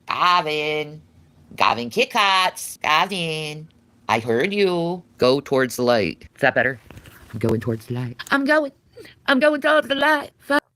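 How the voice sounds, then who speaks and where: Sarcastic, foul-mouthed woman streamer with a lively voice. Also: very deep voice. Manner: crude, sarcastic, swears a lot. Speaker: livestreamer reading chat. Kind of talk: casual live-stream chat.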